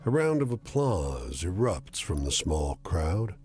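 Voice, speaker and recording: A man's voice: sits low, big pitch swings, slow, darkish tone, soft background music. A man streamer reading game narration aloud in a put-on Southern US accent, drawling like a storyteller.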